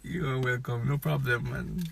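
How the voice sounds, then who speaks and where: A man with a Jamaican accent, a language expert giving measured, explanatory interview answers and laughing easily. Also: medium pitch, creaky, music in the background.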